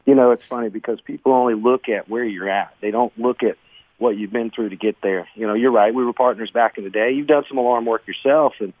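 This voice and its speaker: A man's voice: medium pitch, fairly quick, no room sound. Earnest man with a tinny sound. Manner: earnest, emotional, says "man" and "bro" often. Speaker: guest, business owner. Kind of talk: conversational interview storytelling.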